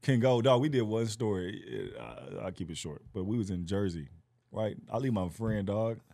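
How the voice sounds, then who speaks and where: Guy telling a story on a podcast, does everybody's voices, pitch all over the place. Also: normal speed, vocal fry. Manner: animated storyteller acting out other people's voices. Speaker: guest comedian. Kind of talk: casual podcast chat.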